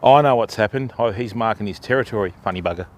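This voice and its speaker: A fast-talking Australian man with a lowish voice hosts a fishing stream outdoors at a riverside campsite. He talks casually with his viewers in easygoing, laid-back Aussie banter, over slight background noise.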